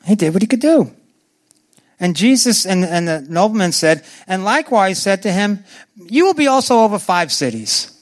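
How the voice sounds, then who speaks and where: High-voiced man preaching a sermon. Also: normal speed. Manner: animated, acts out biblical voices with swings in pitch; asks the congregation questions.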